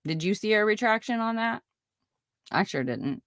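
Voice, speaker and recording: A woman's voice: medium pitch, expressive, normal speed, a bit bright, dry recording, studio quality. A woman hosting a casual live stream, reading viewer comments aloud and reacting with outrage and apologies. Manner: chatty, reads viewer comments aloud, indignant. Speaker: podcast host.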